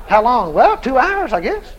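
A man's voice: very high voice, moderate pace, muffled recording, heavy background noise. A male preacher telling a story in a sermon, laughing often and acting out every voice in it. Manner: animated, laughing storyteller who acts out the voices in his story.

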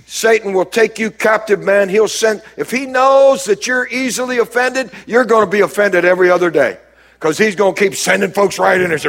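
A man preaching a sermon as pastor, swinging between loud rises and quiet low drops and calling out to the congregation. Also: moderate pace. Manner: preaching with sudden rises and drops, calls to the crowd.

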